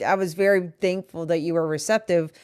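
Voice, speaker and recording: A woman's voice: on the low side, fairly even intonation, a little fast, darkish tone, clean tone, dry recording, clean studio sound. A woman co-hosting a podcast, talking earnestly and at length with her partner about a disagreement. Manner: earnest, explaining at length with restarts. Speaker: podcast co-host. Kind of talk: candid couple conversation.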